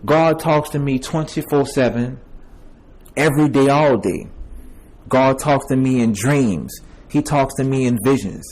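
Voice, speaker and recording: A man's voice: medium pitch, a little slow, a little mellow, poor audio. A young man giving a repetitive, emphatic personal testimony, addressing viewers as y'all and man. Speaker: self-made video preacher.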